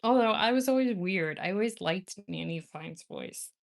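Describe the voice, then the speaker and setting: A woman's voice: lowish voice, lively intonation, moderate pace, vocal fry. A woman chatting casually with viewers on a livestream, rambling and laughing often. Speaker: nail art livestream host.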